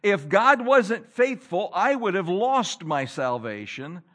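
A man preaching a sermon to his church, swinging between loud emphasis and low hushed lines and reading scripture in old-fashioned wording. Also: very animated, slow. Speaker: pastor.

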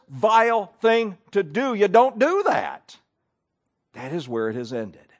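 A man preaching a sermon, reading scripture aloud and telling stories in an animated way. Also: sits high.

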